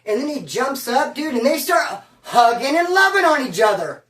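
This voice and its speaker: A man telling a prison story in loose street slang, acting out every voice he quotes. His pitch and loudness swing wildly from mutters to shouts. He sits back from the mic in a roomy, echoing space. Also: normal speed. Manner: animated, slangy, acts out the people he quotes. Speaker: storyteller recounting prison life. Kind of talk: casual spoken storytelling. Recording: echoey room, voice from a distance.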